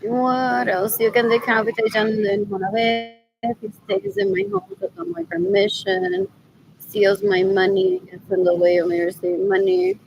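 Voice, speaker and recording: A woman's voice: fairly high pitch, sing-song, normal speed, vocal fry, over music, poor audio. A woman in a rambling, scornful spoken monologue who keeps asking "what else?" and switches between English and Spanish. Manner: disgusted, scornful.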